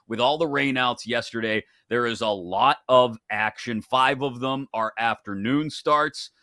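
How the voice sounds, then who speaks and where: A male host of a sports betting show from the upper Midwest, giving an upbeat, rapid rundown of games and odds. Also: mid-range voice, bright, forceful tone, dry recording, studio quality.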